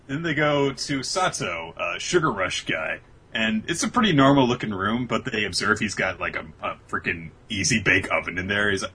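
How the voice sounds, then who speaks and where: A man's voice: on the low side, expressive, moderate pace, pushed and bright, slight background noise. A man casually discussing an anime episode as a podcast co-host, acting out character lines with swearing and laughter.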